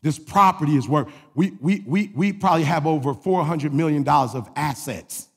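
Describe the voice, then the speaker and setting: Man, pastor. Gravelly, husky sermon voice, swings from shouted preaching to quiet asides, long hall reverb. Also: on the high side, moderate pace.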